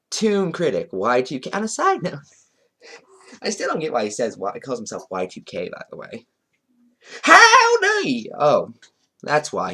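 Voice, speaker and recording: Wry, animated male commentary vlogger. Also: medium pitch. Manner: sarcastic, wry asides with chuckles. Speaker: commentary YouTuber. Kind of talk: commentary vlog reading chat logs aloud.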